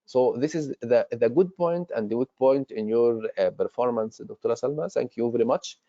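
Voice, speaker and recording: A man's voice: mid-range voice, normal speed, warm tone, no echo. A man tutoring for a medical exam, explaining role-play tasks with many fillers and restarts. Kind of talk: online exam-prep lesson. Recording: dull lo-fi recording.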